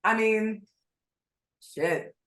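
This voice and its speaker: Blunt, animated woman podcast host. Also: mid-range voice, very slow, echoey room. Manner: blunt, animated, swears freely. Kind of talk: casual podcast chat.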